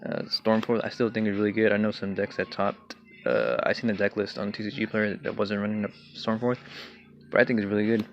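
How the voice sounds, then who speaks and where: A young man casually walking through his card game deck, talking in a relaxed way with many fillers and throat clears. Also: on the low side, fairly quick. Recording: dull lo-fi home recording with faint hiss.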